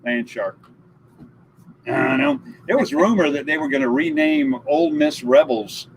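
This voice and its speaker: Brief: man, middle-aged, stream host, lively up-and-down jokey delivery. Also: high voice, measured pace, gravelly, a little hiss or hum, low-quality recording. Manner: jokey, storytelling, laughs at his own puns. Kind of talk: casual live stream chat.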